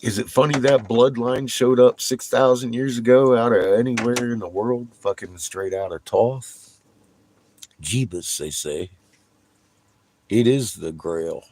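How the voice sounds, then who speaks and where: A man telling a rambling story in a casual, profane monologue, laughing between bursts of excitement. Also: medium pitch, unhurried, a little hiss or hum. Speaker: vlogger.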